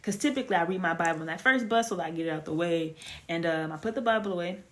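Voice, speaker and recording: A woman giving a casual spoken testimony, telling her story in a chatty, animated way with lots of fillers. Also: lowish voice, racing. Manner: animated storytelling, acts out quoted dialogue; chatty with frequent fillers and restarts. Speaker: testimony speaker.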